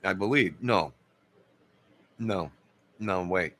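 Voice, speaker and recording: A man's voice: low-pitched, slow, bright, forceful tone. A man in his fifties chatting live with viewers, rambling and losing his train of thought. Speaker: live streamer.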